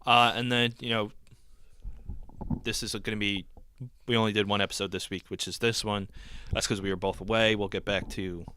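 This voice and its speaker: A man's voice: lowish voice, normal speed, slight background noise. A man co-hosting a podcast, chatting casually with lots of fillers. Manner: relaxed, filler-heavy. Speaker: podcast co-host. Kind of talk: casual chat.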